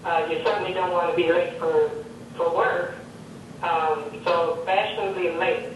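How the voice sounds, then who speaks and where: A woman appearing as a guest on a talk show, asking her question slowly and deliberately with some hesitation. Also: steady tone. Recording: very echoey, distant, faint rumble.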